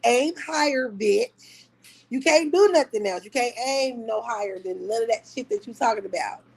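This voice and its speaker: High-voiced woman mocking on a livestream. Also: normal speed, gravelly, a little mellow, breathy edge, low-quality recording. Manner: mocking, laughing, profane trash talk. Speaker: livestream host. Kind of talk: casual livestream rant. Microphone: talking to a phone on a live stream.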